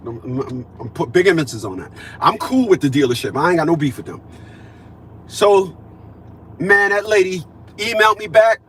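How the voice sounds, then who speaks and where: A man in his fifties vlogs in a casual monologue, his slightly high voice sing-song, fairly bright, and fairly quick, with a little hiss or hum in the audio. He stays emphatic, repeats points, and acts out conversations he had.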